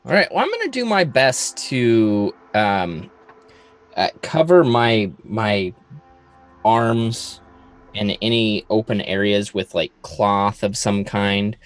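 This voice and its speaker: A man playing his character in a tabletop game, hesitant and halting. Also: fairly low pitch, very animated, faint music behind. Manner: hesitant, halting with many fillers. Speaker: player.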